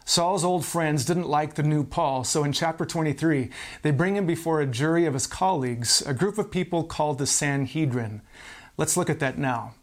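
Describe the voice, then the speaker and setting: Man, pastor, fairly high voice, earnest podcast preaching with scripture reading. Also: normal speed.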